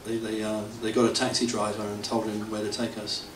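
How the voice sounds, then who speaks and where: A fairly low, monotone male voice moves at a fairly quick clip as this middle-aged devotee tells anecdotes to an audience. Rambling and self-mocking, he keeps chuckling through his stories at the temple anniversary. Faint hiss and a roomy feel come from a distant mic in the temple hall.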